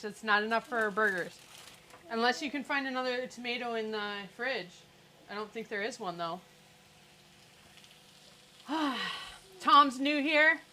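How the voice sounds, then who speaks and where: A woman's voice: a little high, a little slow, pauses often, sharp tone, slight background noise, rough recording. A woman hosting a cooking livestream from her home kitchen, chatting casually and cracking sarcastic jokes. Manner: chatty, joking, sarcastic asides. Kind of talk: casual live cooking chat.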